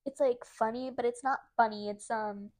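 A woman's voice: a little high, fairly even intonation, moderate pace, darkish tone. A young woman co-hosting a podcast in casual chat, laughing often between her sentences. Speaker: podcast co-host.

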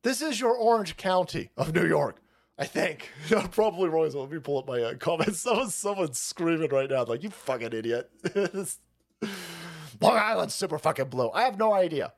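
With a slightly high voice, vocal fry, and a moderate pace, a livestream commentator from California gets animated in a political rant. He swears frequently and mocks and laughs as he speaks.

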